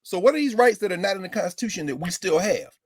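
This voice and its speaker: A man giving a civics lecture with comic asides, animated and sardonic. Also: high voice, fast talker, no room sound, clean studio sound. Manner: animated, sardonic, slips into mock voices.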